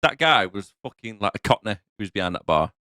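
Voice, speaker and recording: A man on a podcast with a mid-range pitch that jumps around a lot. His voice is bright and sharp, recorded dry and close. He chats playfully and laughs often. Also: very animated, fast talker, no room sound. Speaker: podcast co-host. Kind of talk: casual movie review banter.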